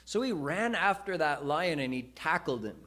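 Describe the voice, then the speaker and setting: A man preaching a live sermon, teaching in a measured way and telling parables. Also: a little high, animated, a bit bright. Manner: slow, deliberate teaching. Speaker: senior preacher. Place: temple hall.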